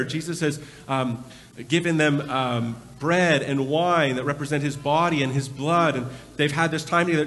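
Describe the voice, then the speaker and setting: Man, pastor, casual storytelling sermon, somewhat high voice, long church reverb. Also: fairly bright tone. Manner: conversational storytelling preacher. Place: large church with balcony.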